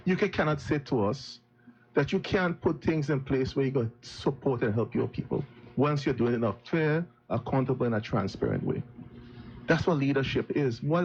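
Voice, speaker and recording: A man with a gravelly voice delivers a critical political speech at a live event. He talks earnestly and often restarts his phrases. The recording has a muffled, lo-fi quality. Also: mid-range voice, a little mellow. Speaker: opposition politician. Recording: dull lo-fi sound.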